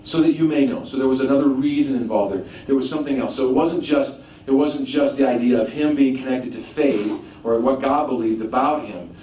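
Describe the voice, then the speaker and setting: A man preaching a teaching sermon, animated, asking rhetorical questions and often restarting his sentences. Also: mid-range voice, a little fast, few pauses. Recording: echoey room, mic at a distance, faint background noise.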